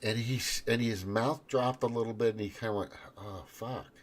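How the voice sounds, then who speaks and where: A man's voice: mid-range voice, steady tone, fairly quick. A man hosting his own podcast in a rambling, profane monologue full of restarts. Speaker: podcast host.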